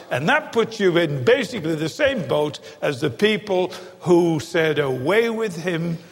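High, gravelly male preacher in a hall. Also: a bit bright. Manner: emphatic, repeats key phrases for stress. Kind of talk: sermon. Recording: long hall reverb.

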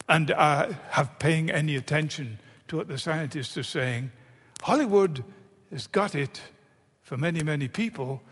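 A man's voice: on the high side, a bit bright, breathy edge. A man preaching a sermon, emphatic and fond of repeating phrases for effect. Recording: long hall reverb.

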